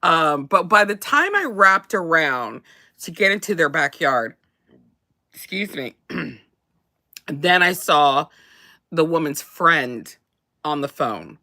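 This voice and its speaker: A woman's voice: sits low, expressive, takes it slowly, long pauses, pushed and bright. A woman chatting casually as a co-host, rambling with many restarts and laughs. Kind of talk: casual chat.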